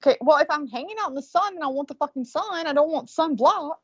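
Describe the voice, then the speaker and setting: A woman in her forties co-hosts a podcast, swapping stories in casual, heavily profane chat. Her voice is high, expressive, and fast, with no room sound, though the recording is muffled and lo-fi.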